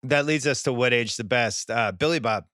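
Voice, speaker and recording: A man's voice: mid-range voice, normal speed, fairly bright tone, no echo, clean studio sound. A man hosting a casual podcast chat about movies, steering the talk with questions to his panel. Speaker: podcast host.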